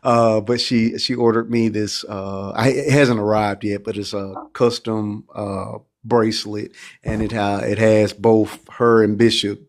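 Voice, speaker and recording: A man hosts a casual live-stream talk show. He speaks warmly and openly, and his words pile up in repeats as emotion catches him. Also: fairly low pitch, flat delivery, measured pace. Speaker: podcast host.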